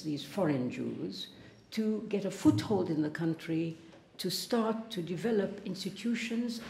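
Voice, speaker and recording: Speak as a woman from Palestine making her case to the hall, earnest, with a dark, mellow tone and audible room echo. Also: lowish voice, gravelly. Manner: earnest, restarts and stumbles over words. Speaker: invited speaker. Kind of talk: prepared debate talk. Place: lecture hall.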